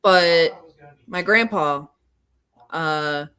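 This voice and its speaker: A woman's voice: low-pitched, extremely slow, a bit bright, clear, resonant tone. A woman from Oklahoma co-hosting a podcast in casual chat, rambling with many fillers and restarts. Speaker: podcast co-host.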